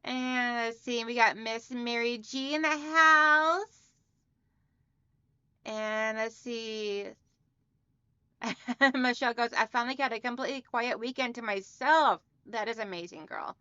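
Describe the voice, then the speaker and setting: Bright, upbeat woman chatting with viewers. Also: a little high, slow pace, long pauses, smooth, dry recording. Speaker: livestream host of a quilting channel. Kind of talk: casual livestream chat, reading out viewer comments. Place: at home. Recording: dry, slightly dull home recording.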